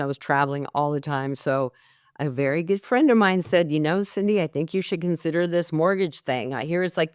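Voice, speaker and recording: A middle-aged woman, a mortgage coach, telling a candid, lively story as a podcast guest. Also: deep voice, smooth, dry recording, studio quality.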